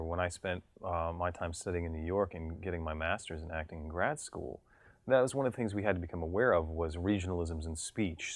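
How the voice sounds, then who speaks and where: Man, mid-Atlantic accent, articulate, measured, low voice, interview. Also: no echo. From United States. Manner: articulate, measured, slightly elevated diction. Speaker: voice actor.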